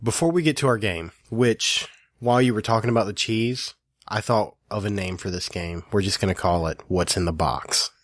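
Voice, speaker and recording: A man's voice: lowish voice, moderate pace, dry recording, clean studio sound. A man co-hosting a podcast in casual chat, teasing and easygoing, often breaking into laughter. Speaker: podcast co-host.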